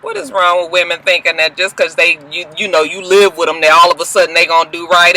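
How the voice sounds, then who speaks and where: A woman's voice: fairly low pitch, fast talker, few pauses, poor audio. A woman recapping a reality show in a casual, profane, chatty vlog from a parked car, recorded on a built-in camera mic. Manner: profane, animated, chatty, often laughing. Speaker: TV show reviewer.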